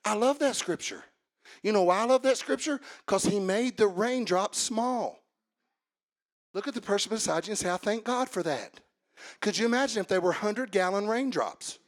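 A man preaching a sermon in a church. His voice sits high and has a gravelly edge. He moves between quiet conversational asides and shouted, sing-song preaching. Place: church sanctuary.

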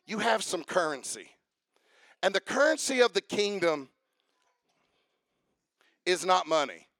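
A male pastor preaching a sermon in a church, emphatic and repetitive, breaking into shouted proclamations. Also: high-pitched, no echo.

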